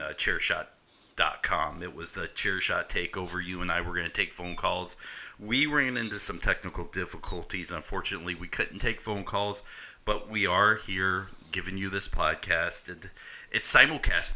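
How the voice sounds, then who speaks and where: A man's voice: sits low, bright, forceful tone. A man hosting a wrestling podcast in casual chat, upbeat and plugging the show. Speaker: podcast host.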